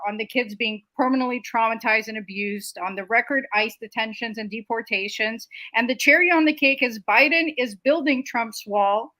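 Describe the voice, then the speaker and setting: A woman's voice: fairly high pitch, sharp tone, no echo, poor audio. A woman hosting a political commentary show, making emphatic, indignant points in long lists. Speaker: show host.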